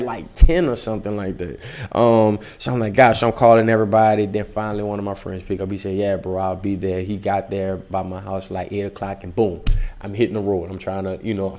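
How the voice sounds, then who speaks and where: Lower-voiced young man telling a story. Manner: animated, acts out dialogue in the story. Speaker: actor guest. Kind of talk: casual storytelling interview.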